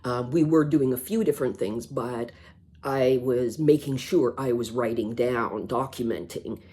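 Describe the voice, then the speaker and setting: A middle-aged woman telling a personal story in a vlog, halting and sighing, often restarting her words. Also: very deep voice, mellow, breathy edge. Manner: halting, repeats words, sighs. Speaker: vlogger.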